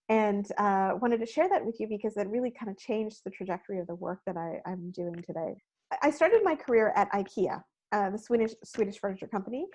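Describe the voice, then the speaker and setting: A woman's voice: medium pitch, rough recording. A middle-aged woman, giving a storytelling webinar talk and acting out quoted lines, recorded on a video call mic. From Canada. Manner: animated, acts out quoted lines, drops to soft tones in sad moments. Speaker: webinar speaker.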